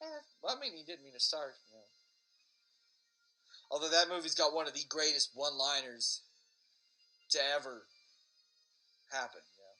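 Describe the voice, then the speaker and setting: A man's voice: a little high, lively intonation, normal speed, pauses often, pushed and bright, faint music behind, low-quality recording. A man hosting a podcast, rambling sarcastically and swearing freely in a casual monologue. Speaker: podcast host.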